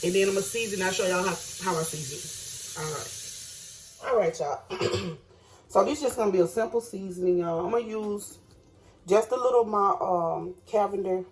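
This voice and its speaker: A woman's voice: mid-range voice, moderate pace, a little hiss or hum. A woman chatting casually to viewers while cooking in her home kitchen. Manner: chatty, addresses viewers as y'all. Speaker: cooking vlogger.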